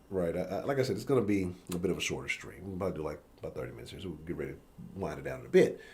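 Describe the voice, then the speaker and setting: A man's voice: sits low, big pitch swings, rapid-fire, darkish tone. A man hosting a live-stream sports talk show, ranting bluntly and profanely. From Houston area.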